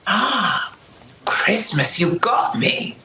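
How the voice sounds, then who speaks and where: A man's voice: high voice, very animated, extremely slow, creaky, bright, forceful tone, roomy sound, a little hiss or hum, rough recording. A British man talking as a TV guest, theatrical and savouring ornate words. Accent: British English. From Britain. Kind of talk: TV interview, remote link.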